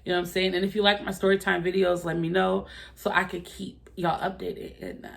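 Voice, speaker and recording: A young woman telling a story to her viewers in casual, profane talk, voicing the people in it with loud quoted lines. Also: fairly low pitch, a little fast, creaky. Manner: animated and profane, acting out quoted lines loudly. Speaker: vlogger.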